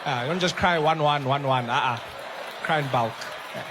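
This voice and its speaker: A South African man in his thirties doing stand-up comedy, telling stories in an animated, playful way. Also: mid-range voice, normal speed, crowd noise, noisy background.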